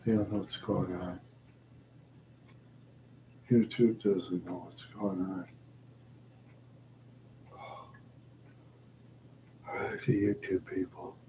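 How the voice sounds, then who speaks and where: A man talks to his livestream in a slow, drowsy way, sighing and letting words trail off as he says how sleepy he is. His voice is dark and mellow. A faint hum sits behind him. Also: low-pitched, fairly even intonation, low-quality recording. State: tired and sleepy. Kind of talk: sleepy solo livestream chat.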